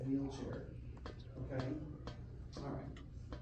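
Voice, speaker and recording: A man's voice: fairly high pitch, unhurried. A man directing a school band rehearsal, giving instructions, singing phrases with syllables and joking with the students. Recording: echoey band room from far off. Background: room ambience and noise.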